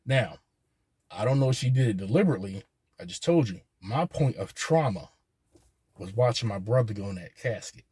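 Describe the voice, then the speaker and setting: Husky guy, halting and earnest, repeats himself, dry close recording. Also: lowish voice, lively intonation, dark tone, dry recording. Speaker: vlogger. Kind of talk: personal monologue.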